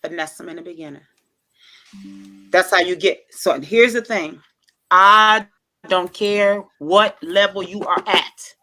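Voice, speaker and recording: A woman's voice: lowish voice, a little slow, long pauses, pushed and bright, faint music behind. A woman hosting a casual storytelling vlog, chatty and playful, who often acts out the dialogue. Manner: chatty and informal, with many interjections. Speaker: channel host.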